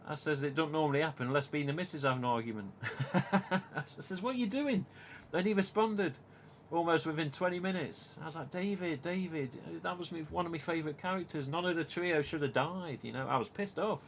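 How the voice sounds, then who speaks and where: A man's voice: fairly high pitch, brisk, slight background noise. A man in his forties with an English accent, hosting a casual live-stream chat, swearing often and quoting his own words. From England. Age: 40s. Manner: animated, swears a lot, quotes himself. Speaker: host.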